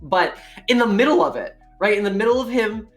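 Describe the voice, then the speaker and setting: A woman guest in casual chat, telling an animated story, swearing freely and acting out quotes. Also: mid-range voice, a little fast, faint music behind.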